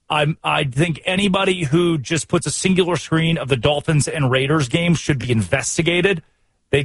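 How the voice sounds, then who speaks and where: An American man hosting a sports radio show, talking fast and emphatic with strings of rhetorical questions. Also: a little high, slightly rough, no echo. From United States.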